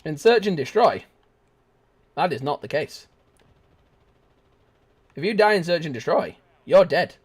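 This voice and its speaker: A young man giving live gameplay commentary, chatting casually and shouting sudden excited exclamations. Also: on the high side, a little slow, long pauses, slightly rough. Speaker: gaming video host.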